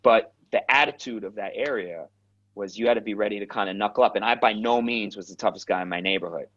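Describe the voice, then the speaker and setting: A man with a New York accent, a guest actor telling stories in a direct, animated, casual interview way. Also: on the low side, quick pace. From Queens, New York. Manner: direct, animated storyteller who swears. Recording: dull lo-fi sound.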